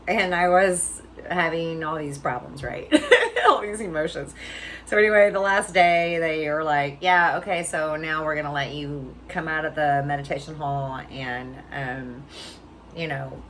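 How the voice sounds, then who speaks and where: A woman's voice: low-pitched, fairly bright tone, a little hiss or hum, low-quality recording. A middle-aged woman vlogger telling a personal story in a chatty way, often laughing and checking in with "right?".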